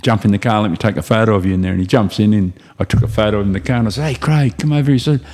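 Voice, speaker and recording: A low-pitched Australian man in casual chat, rambling through long anecdotes with easy chuckles. His voice sits on the low side for a man and he speaks as a guest being interviewed. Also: very fast, a little mellow. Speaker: guest, racing driver.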